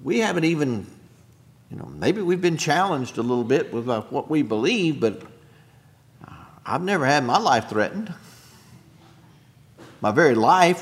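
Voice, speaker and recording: A man preaching a sermon as pastor, emphatic, dropping soft and then rising loud, with throat-clearing and chuckling asides to the congregation. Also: on the high side.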